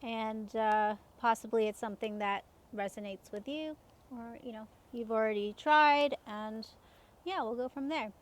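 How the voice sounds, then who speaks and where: A woman's voice: on the high side, measured pace. A woman in her thirties telling personal stories in a casual, chatty way, laughing often and using many fillers. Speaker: self-help coach.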